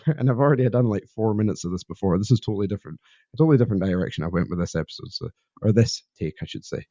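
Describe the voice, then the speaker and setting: Scottish man, podcast host, low mellow voice, rambling and open, slightly dull dry recording. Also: no echo. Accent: Scottish Borders. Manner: candid, rambling and self-deprecating. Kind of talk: solo reflective podcast monologue. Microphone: podcast microphone.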